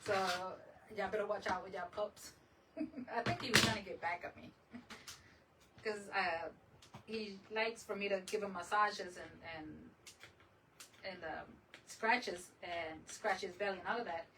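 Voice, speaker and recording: A woman hosting a craft livestream, telling a lively story in casual chat, laughing often and slipping in Spanish words. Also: mid-range voice, measured pace, pauses often. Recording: voice a bit far from the mic, faint room noise.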